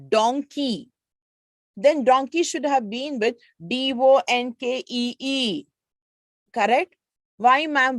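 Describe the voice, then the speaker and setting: A woman's voice: on the high side, no room sound. A woman with an Indian English accent teaching an online grammar lesson, patiently explaining spelling rules and reading out word lists.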